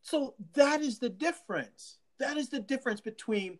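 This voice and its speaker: A local official talking casually to residents in an animated way, laughing often and restarting sentences. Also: high-pitched, moderate pace. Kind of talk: casual livestream talk.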